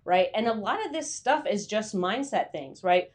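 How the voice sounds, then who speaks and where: A woman's voice: mid-range voice, animated, moderate pace, a little mellow. A woman hosting a casual live stream for freelance writers, chatty and full of fillers, greeting viewers by name and acting out her inner voice.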